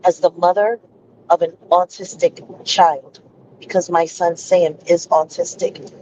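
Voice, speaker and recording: A woman with a mid-range, mellow and dark voice speaks earnestly and insistently. Her audio comes through dull and lo-fi, as if piped in over a stream. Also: fairly low pitch, fairly even intonation, a little slow, a little hiss or hum. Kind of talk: earnest livestream statement.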